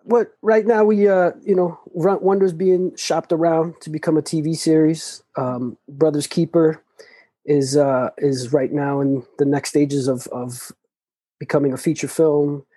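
A man's voice: on the high side, fairly even intonation, measured pace, dark tone, dry recording. A man, a guest in a casual interview, speaking earnestly and frankly with some swearing.

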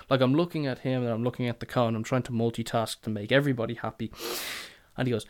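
A man's voice: mid-range voice, fairly even intonation, quick pace. A man hosting a podcast, telling a sweary, exasperated story and acting out both sides of the exchange. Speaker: podcast host. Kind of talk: casual storytelling rant.

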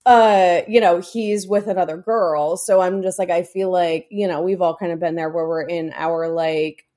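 A woman's voice: on the low side, fairly even intonation, normal speed, warm tone. A woman, co-hosting a casual TV recap podcast, chatty and swearing freely, with lots of "like" and "um". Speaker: podcast co-host.

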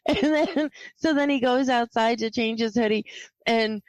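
A woman with a slightly high, gravelly voice talks slowly and casually, laughing as she recounts her story with a fed-up tone. Her voice is close and dry. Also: fairly even intonation, no room sound, rough recording. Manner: slow, laughing, exasperated storytelling. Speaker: podcast co-host. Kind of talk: casual chat.

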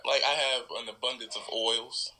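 A man's voice: mid-range voice, steady tone, moderate pace, sharp tone, a little hiss or hum, poor audio. A man as a guest on a casual podcast, laid-back and joking, dodging personal questions.

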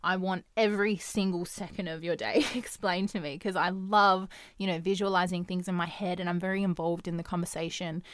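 Chatty, animated young woman podcaster. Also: fairly low pitch, a little fast, few pauses, no echo, studio quality. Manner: chatty and animated, acts out quoted dialogue, laughs often, swears. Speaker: podcast host. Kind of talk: casual solo podcast talk.

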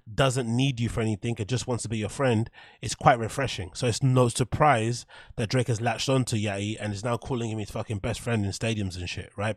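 A man's voice: lowish voice, no echo. A man hosting a podcast, rambling candidly through a casual monologue with plenty of fillers and the odd swear word. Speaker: podcast host.

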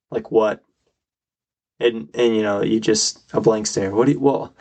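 A man's voice: mid-range voice, moderate pace. A young man hosting his own podcast, giving emphatic, argumentative solo commentary and getting worked up. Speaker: podcast host.

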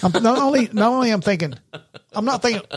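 A man's voice: extremely high pitch, quick pace, breathy edge, dry recording, clean studio sound. A middle-aged man, a retired police sergeant, telling stories in casual podcast chat, acting out quotes and laughing often. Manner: animated storyteller, acts out quotes, laughs often.

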